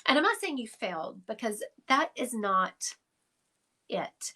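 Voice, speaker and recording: A woman's voice: on the high side, normal speed, pushed and bright. A woman, a psychic medium giving an emphatic, affectionate reading to viewers on a live stream from her phone. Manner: chatty, emphatic, affectionate, addressing viewers directly.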